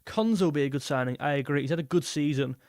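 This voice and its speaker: Young male streamer for a casual reaction chat; voice sits a little high, loose and repetitive delivery, dry close-miked sound. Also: quick pace, a little mellow, no echo. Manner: rambling, repeats himself, reads super chats aloud. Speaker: football YouTuber hosting a live stream.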